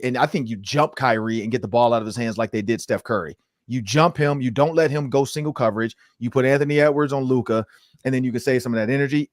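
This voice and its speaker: A man hosting a casual sports roundtable, talking in an animated way with many fillers and frequent laughter. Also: medium pitch, no echo, studio quality. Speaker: podcast host.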